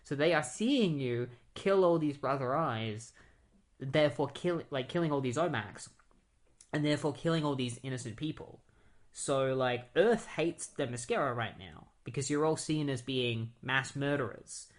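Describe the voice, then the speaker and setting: A man's voice: mid-range voice, moderate pace, close to an everyday voice. A man paraphrasing a scheming machine. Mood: explaining.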